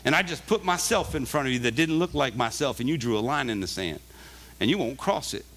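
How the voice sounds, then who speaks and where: A man's voice: mid-range voice, expressive, brisk, fairly bright tone, slight background noise. A man acting out Jesus in a sermon, an incredulous man pointedly confronting a believer.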